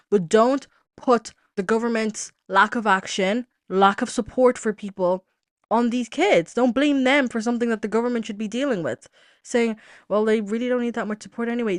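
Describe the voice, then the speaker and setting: A woman's voice: mid-range voice, no room sound, clean studio sound. A young woman hosting a casual solo podcast, chatty and exasperated, talking straight to her listeners. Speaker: podcast host.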